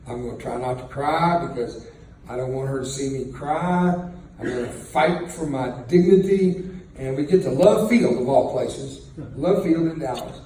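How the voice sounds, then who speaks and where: A man's voice: medium pitch, warm tone. An older man telling a war story to an audience in a folksy, joking way, chuckling as he talks. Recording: very echoey room, distant mic, faint noise.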